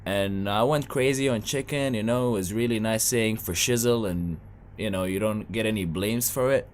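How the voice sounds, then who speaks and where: A young Sudanese man with a lowish voice does a stand-up comedy set at normal speed, telling stories in a loose, conversational way with playful asides. There's slight background noise.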